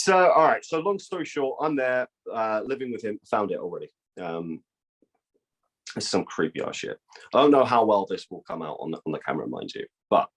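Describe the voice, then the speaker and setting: A young man telling a long story in casual, profane talk, acting out the voices of people in it. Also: lowish voice. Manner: profane, animated, acts out quoted dialogue. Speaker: guest.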